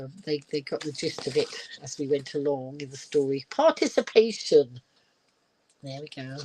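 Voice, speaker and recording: A woman's voice: sits low, a little mellow, slight background noise, low-quality recording. An older woman reads a children's picture book aloud, in the manner of a grandmother at bedtime. She keeps stopping for chatty side remarks to her audience. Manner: chatty asides, laughs often. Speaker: storyteller and live streamer.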